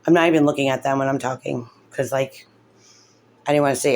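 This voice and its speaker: A woman's voice: a bass voice, fairly even intonation, fairly quick, darkish tone. A woman, a mother, talking through her grievances in an upset, rambling way, tearful and full of fillers. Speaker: mother in a custody case. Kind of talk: emotional vlog commentary.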